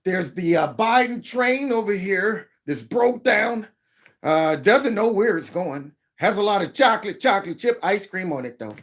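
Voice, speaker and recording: A man's voice: high voice, moderate pace. A man hosting a commentary channel, reacting to video clips with exclamations and mock quotes. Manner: animated, exclaiming, mock-quoting others.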